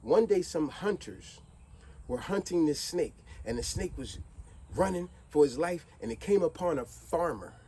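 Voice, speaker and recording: A man vlogging a streetwise motivational monologue, retelling a fable with preachy, animated delivery. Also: fairly high pitch, unhurried, slight background noise, rough recording.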